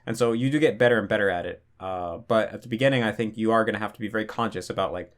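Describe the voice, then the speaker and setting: A man's voice: on the low side, rapid-fire, hardly any pauses. A young man hosting a casual Q&A, explaining things loosely with lots of "like" fillers and restarts. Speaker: language-learning channel host. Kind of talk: casual Q&A monologue.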